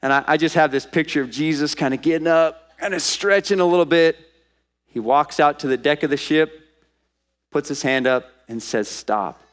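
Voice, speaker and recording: A man preaching a sermon as pastor to a congregation in church, lively and acting out the voices he quotes. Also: a little high, moderate pace. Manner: animated, acts out quoted voices.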